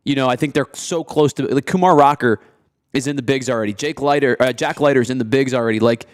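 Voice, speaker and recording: A man on a casual sports talk show laying out his reasoning in a measured, steady way. His voice is smooth and clear, at a middle pitch for a man. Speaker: sports analyst co-host.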